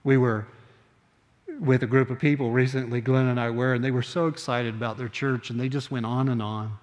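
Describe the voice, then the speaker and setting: Older pastor preaching in a reverberant sanctuary. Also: male voice, mid-range voice, little pitch movement. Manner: earnest, slows down on key phrases, conversational asides. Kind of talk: sermon. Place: church sanctuary.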